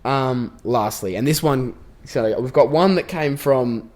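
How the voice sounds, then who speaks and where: A young man chats loosely on a podcast at a mid pitch. He rambles, restarts his sentences often and leans on filler words. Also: a little slow, darkish tone. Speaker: podcast co-host. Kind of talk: casual chat.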